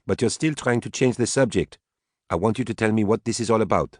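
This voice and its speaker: A man's voice: fairly low pitch, brisk, darkish tone, no room sound, clean studio sound, pitched above the performer's own voice, lightly acted. A man voicing Nicole, an earnest, questioning woman colonist speaking to her husband in an audiobook.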